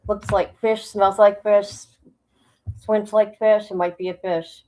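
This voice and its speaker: A woman's voice: mid-range voice, little pitch movement, unhurried, warm tone, low-quality recording. Blunt, swearing woman reacting to a clip. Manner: blunt, incredulous, sarcastic, swears freely. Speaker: reaction streamer. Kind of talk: reaction commentary over a video.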